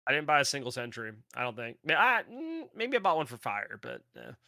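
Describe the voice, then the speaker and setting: A man co-hosting a podcast, chatting casually about games, often trailing off quietly. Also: mid-range voice, big pitch swings, a little fast, creaky, no echo, clean studio sound. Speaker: podcast co-host. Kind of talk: casual gaming chat.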